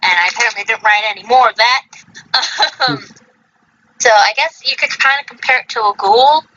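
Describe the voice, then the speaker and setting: A woman's voice: on the high side, normal speed, pushed and bright, highs cut off. A woman hosting a casual livestream podcast, reading from her research notes and stumbling over unfamiliar names. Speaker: podcast host.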